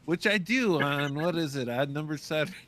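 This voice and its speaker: A man's voice: fairly high pitch, moderate pace, a bit bright. A man chatting casually while gaming online and dropping wry quips.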